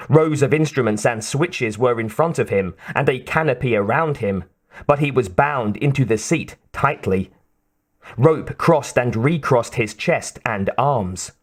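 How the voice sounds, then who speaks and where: A man reading an audiobook in a slow, measured narration. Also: medium pitch.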